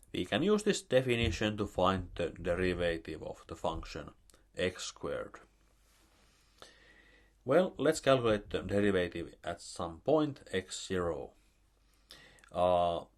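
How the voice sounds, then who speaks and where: Slow deep-voiced man lecturing math. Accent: Finnish. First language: Finnish. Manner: slow, halting, with many fillers.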